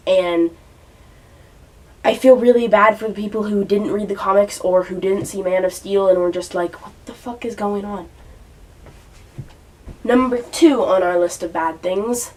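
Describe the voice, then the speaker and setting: A woman's voice: medium pitch, a little mellow, recorded from a distance, poor audio. A young woman reviewing a movie in a casual vlog, ranting and swearing in exasperation.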